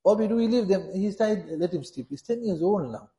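A man's voice: high-pitched, lively intonation, brisk, mellow. Man, sermon, earnest exhorting tone, echoey room. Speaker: Islamic preacher.

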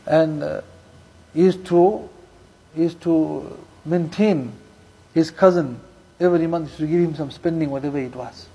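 A man's voice: on the high side, dark tone, slightly rough, low-quality recording. A man preaching a sermon, telling stories and mixing Urdu and Arabic religious terms into English, repeating key lines for emphasis. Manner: recites Quranic verses rapidly in Arabic. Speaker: Islamic preacher.

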